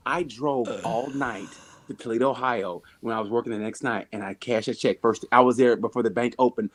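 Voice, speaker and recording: A man's voice: medium pitch, brisk. A man, a comedian, telling a bad-gig story in casual, profane chat, often repeating words as he goes. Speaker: comedian guest. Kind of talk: casual chat on a video call.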